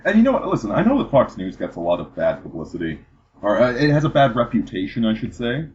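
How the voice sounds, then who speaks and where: A man's voice: medium pitch, big pitch swings, fast talker, a little mellow. Rambling podcast man, dull lo-fi audio. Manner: rambling, repeats words when starting sentences. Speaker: podcast host. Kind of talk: casual political chat.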